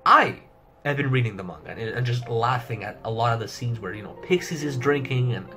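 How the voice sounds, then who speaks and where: A man's voice: medium pitch, fairly quick, pushed and bright, faint music behind. A young man giving a rambling casual review of a manga chapter, swearing heavily and laughing often. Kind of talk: casual commentary.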